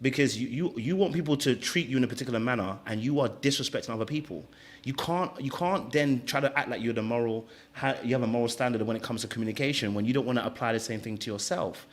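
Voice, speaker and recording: A man talks at a fast clip as a podcast co-host. He builds his argument emphatically and doubles up on words when he presses a point. His voice sits at an ordinary middle pitch. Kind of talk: heated reality-show reaction talk.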